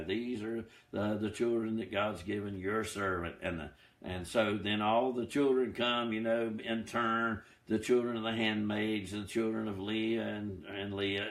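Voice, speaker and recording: Slow, easygoing man teaching the Bible. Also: lowish voice, reverberant. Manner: unhurried, chatty, many fillers and restarts, quotes scripture. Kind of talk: informal Bible study teaching.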